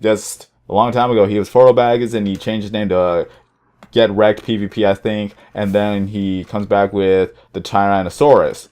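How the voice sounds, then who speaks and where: A man's voice: lowish voice, steady tone, normal speed, darkish tone, clear, resonant tone. Man rambling through casual game commentary. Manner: rambling, stumbles over words; chatty, addresses viewers directly. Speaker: gaming channel host. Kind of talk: casual let's-play commentary.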